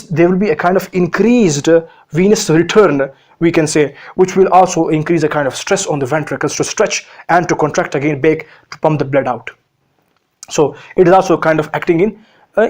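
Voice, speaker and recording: Guy lecturing on medicine, kinda high voice, asks himself questions then answers, lots of uhs. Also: a little mellow. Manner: explanatory, asks and answers his own questions, frequent uhs. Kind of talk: recorded lecture.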